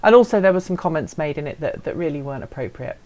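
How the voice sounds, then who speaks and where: Woman, low-ish voice, playful self-deprecating live stream host reading chat. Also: animated, quick pace, darkish tone.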